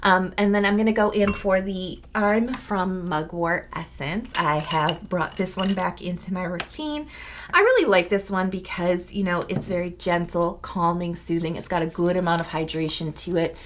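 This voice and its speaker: A woman's voice: lowish voice, moderate pace, slight background noise. A young woman talking through her morning skincare routine at home in a chatty, rambling vlog, full of fillers. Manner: bubbly, rambling, lots of fillers. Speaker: beauty vlogger. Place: home, indoors.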